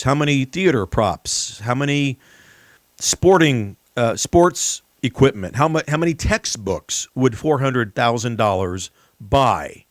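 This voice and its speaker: A male talk show host leads a political commentary show, speaking emphatically and repeatedly addressing "ladies and gentlemen." His voice is medium in pitch, and the sound is clean studio audio with no room sound.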